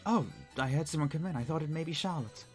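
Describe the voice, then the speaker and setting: A man reading a grieving gentle woman. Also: fairly high pitch, fast, faint music behind, lightly acted. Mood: sad. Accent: Northern English.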